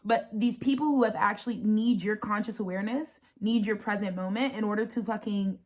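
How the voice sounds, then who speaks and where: A woman in her twenties, an astrologer and spiritual channeler, rants fast in an unscripted spiritual vlog, with her pitch in an ordinary middle range. She is profane and emphatic, circling back to repeat points and piling on "baby" and "like" as she gains momentum.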